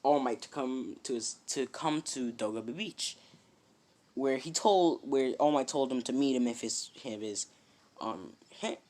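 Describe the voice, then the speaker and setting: A man's voice: mid-range voice, measured pace, a little mellow. A man casually retelling a fan-made story, rambling with many fillers and "he's like" asides.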